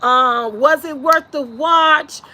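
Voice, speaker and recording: A woman hosting a casual live stream, lively and laughing often as she talks to her chat. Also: high voice, takes it slowly. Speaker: vlog host.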